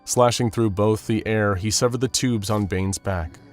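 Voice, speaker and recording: A man narrating a scripted action story in a steady, dramatic storytelling manner. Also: fairly low pitch, normal speed, faint music behind.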